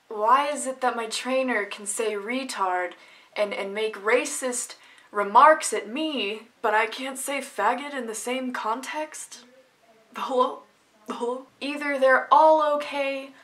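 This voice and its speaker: A woman vlogger with a slightly high, bright and forceful voice tells a story from her own life. She rants with animated sarcasm in a casual tone.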